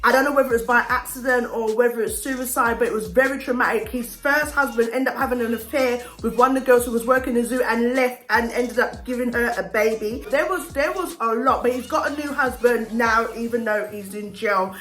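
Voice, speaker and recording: A woman's voice: a little high, a little fast, hardly any pauses. A woman chatting casually and giving opinions while reviewing TV shows as a vlogger. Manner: chatty, opinionated, animated storytelling. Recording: roomy echo with faint music.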